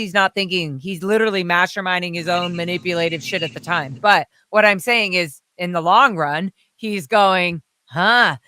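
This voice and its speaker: A woman hosting a casual livestream chat, talking in an animated, profane way with frequent laughter. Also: lowish voice, clear, resonant tone, no echo, poor audio. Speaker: livestream host.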